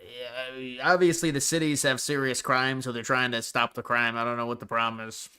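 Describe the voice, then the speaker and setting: A man's voice: mid-range voice, fairly even intonation, normal speed, pushed and bright, clean tone. Sarcastic man doing live commentary. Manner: mocking, sarcastic, laughs often.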